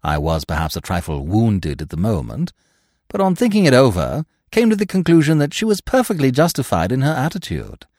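A male narrator voices a talkative, urbane young Englishman from a storybook, verbose and full of ornate, pompous phrasing and dry whimsy. The delivery is genial and brisk, with a darkish tone and wildly swooping pitch that rises and falls freely. The recording is dry and close, with no echo.

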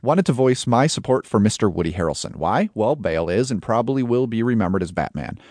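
Man, film podcast co-host, lowish voice, dry sound, wry asides. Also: animated, brisk, a little mellow, no echo. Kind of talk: casual film podcast chat.

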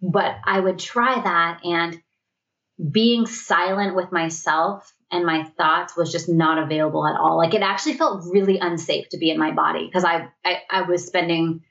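A woman's voice: on the low side, fairly even intonation, normal speed, vocal fry, fairly bright tone, highs cut off. A woman guest telling a personal story in a candid, reflective way, often voicing her own past thoughts.

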